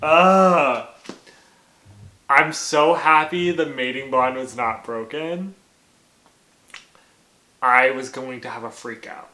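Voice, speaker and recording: A man vlogging about a novel he is reading, excitable and profane, bursting into yells and laughter. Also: mid-range voice, slow pace, pauses often, reverberant. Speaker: book vlogger. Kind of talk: reading vlog reactions.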